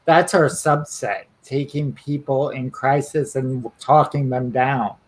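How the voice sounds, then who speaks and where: A man's voice: mid-range voice, fairly even intonation, takes it slowly, poor audio. A man hosting an interview chat as a therapist, easygoing and agreeable, over a video call. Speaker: therapist and show host.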